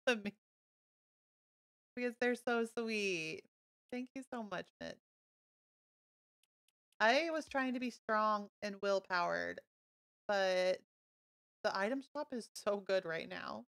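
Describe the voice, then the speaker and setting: A woman streaming a video game live, chatting casually to her viewers and gushing excitedly over new items. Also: medium pitch, slow pace, gravelly, pauses often, clear, resonant tone. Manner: bubbly, gushing and easily excited. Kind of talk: casual live-stream chat while playing.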